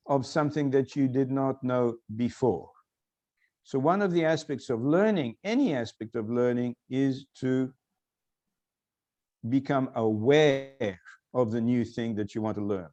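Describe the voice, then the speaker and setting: A man giving a recorded lecture, explaining slowly and repeating key phrases for emphasis. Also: medium pitch, mellow, lo-fi sound.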